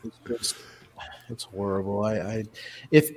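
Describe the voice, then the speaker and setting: A man's voice: fairly low pitch, steady tone, unhurried, darkish tone, breathy edge. A man co-hosting a podcast in casual chat, rambling with lots of fillers and restarts. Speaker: podcast co-host.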